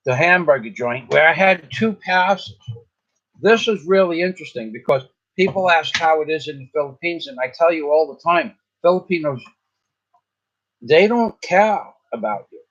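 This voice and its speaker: A man's voice: on the high side, expressive, moderate pace, a bit bright, lo-fi sound. A man telling a rambling, indignant story in a casual vlog, often restarting his sentences. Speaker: vlogger. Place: in the Philippines.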